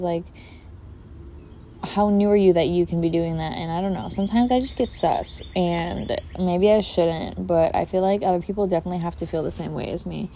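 Young woman host, low and gravelly, mellow; rambling casual podcast chat with a faint outdoor hum behind. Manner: rambling, casual, swears freely, filler-heavy. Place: outdoors in a backyard. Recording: faint outdoor background noise. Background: outdoor ambience.

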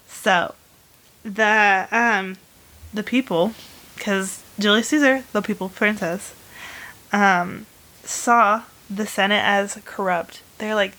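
Female host, mid pitch, bright and sharp tone, chatty rambling storyteller with a playful streak. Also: takes it slowly. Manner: animated retelling of history with bursts of humor. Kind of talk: casual chat.

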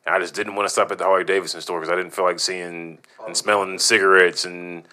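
A man's voice: low voice, flat delivery, fast, bright, forceful tone. A man hosting a podcast, joking and laughing through casual chat. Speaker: podcast host.

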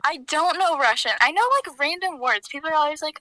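A woman's voice: sits high, a little fast, bright, forceful tone, no room sound, low-quality recording. A young woman chatting casually as a podcast guest, talking over a call and filling her sentences with "like". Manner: chatty, says "like" often. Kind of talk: casual chat.

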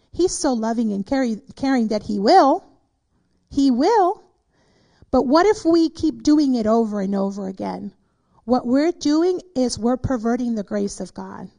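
A woman's voice: fairly high pitch, vocal fry. A woman pastor teaching a Bible study in an earnest preaching style, repeating her points for emphasis. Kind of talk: sermon.

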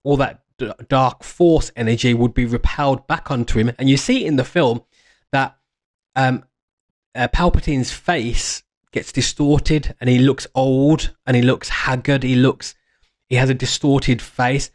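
Man, mid-pitched, casual lore explainer who rambles, restarts sentences and gets enthused. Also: fairly even intonation, unhurried. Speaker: fan commentator. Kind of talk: casual fan explainer monologue.

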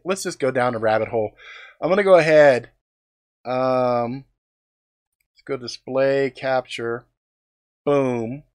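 Rambling, profane male streamer. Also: medium pitch. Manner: rambling, profane, lots of fillers; loud exclamations while tasting snacks. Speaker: live streamer. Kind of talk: casual live-stream chat.

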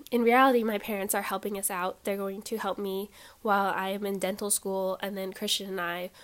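Twenties woman, solo podcast host, congested and stuffy, loose rambling delivery full of ums, mid-range voice. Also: mid-range voice. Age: 20s. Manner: chatty, rambling, frequent ums and likes. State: stuffy nose. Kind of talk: casual solo life-update chat.

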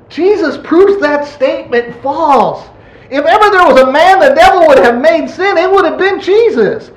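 A man preaching a sermon in a folksy, animated way, acting out quotes. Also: very high-pitched, moderate pace. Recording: echoey room.

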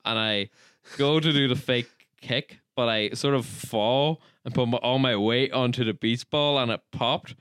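A man's voice: mid-range voice, measured pace, fairly bright tone, clean tone, no echo, studio quality. A young man co-hosting a podcast, teasing and laughing in casual comedic chat. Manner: playful, teasing, laughs often. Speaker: podcast co-host. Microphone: studio mic.

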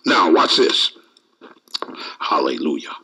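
A man's voice: very deep voice, takes it slowly, low-quality recording. A man preaching a sermon, reading scripture aloud and calling out to the congregation. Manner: lively preaching with call-outs and scripture reading.

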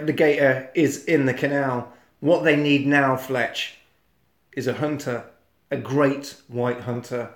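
A man's voice: medium pitch, reverberant. A man, casually retelling a film plot and swearing, putting on silly voices as he goes. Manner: animated storyteller, swears, puts on silly voices. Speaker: podcast co-host.

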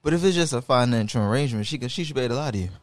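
A man's voice: medium pitch, expressive. A young man hosting a podcast, joking crudely and teasing his guest in casual chat. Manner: teasing, crude, quick jokes. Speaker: podcast host.

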